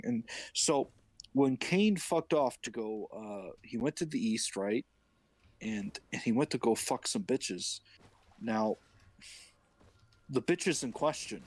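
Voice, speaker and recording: A man's voice: medium pitch, expressive, takes it slowly, pauses often, a little mellow, no room sound, rough recording. A young man chatting on a stream, rambling in a crude, mock-serious way. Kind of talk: casual stream chat.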